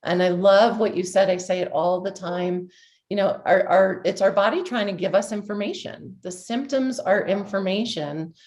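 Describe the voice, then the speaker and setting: A woman's voice: mid-range voice, normal speed, a little mellow. A woman hosting a podcast interview, affirming her guest and leading into questions. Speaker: podcast host.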